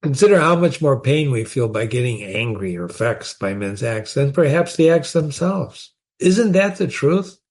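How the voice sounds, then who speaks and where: A man's voice: medium pitch, sing-song, moderate pace, few pauses, darkish tone. A man hosting a show where he reads a philosophy text aloud and comments on it in an emphatic, conversational way, often asking rhetorical questions. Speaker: host reading and discussing philosophy.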